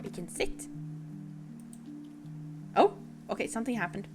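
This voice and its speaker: A woman's voice: medium pitch, measured pace, over music. A woman streamer chatting casually with her viewers while playing a game, giggly and a little apologetic.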